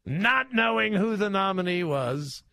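A male talk show host in a radio studio offers political commentary in a high, expressive voice that's pushed and bright, with vocal fry and no echo. He mocks, laughs while talking, and drags out words for emphasis into a studio microphone.

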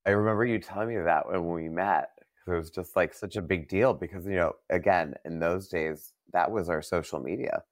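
A man hosts a relaxed podcast chat in a very low voice, talking in an easy way with plenty of fillers. The recording is dry and close, with no room sound. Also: moderate pace, dry recording. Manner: easygoing, chatty, filler-heavy. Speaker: podcast host. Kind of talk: casual interview chat.

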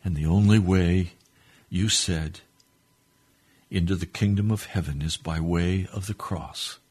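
A man's voice: low voice, a little slow, darkish tone, slightly rough. A man preaching on a radio broadcast, leading a fervent, pleading prayer that swells and drops. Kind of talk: sermon prayer.

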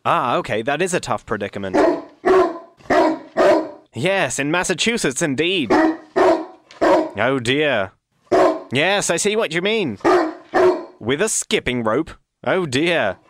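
Deadpan mock-radio host, lively pitch. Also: male voice, a little slow, long pauses, heavy background noise. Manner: deadpan, pompous. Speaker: comedy show host.

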